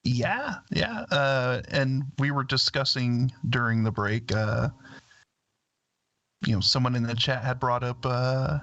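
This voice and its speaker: Hesitant male talk radio host, slow. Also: mid-range voice, fairly bright tone, dry recording, dull audio. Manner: hesitant, many "uh" fillers. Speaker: stand-in radio show host. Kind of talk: casual talk radio chat.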